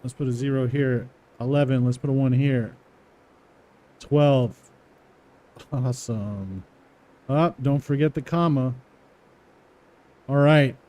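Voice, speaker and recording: A man walking through a coding exercise, repeating words aloud slowly as he types them and chuckling to himself. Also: mid-range voice, dark tone. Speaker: coding tutorial presenter. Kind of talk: casual live coding walkthrough.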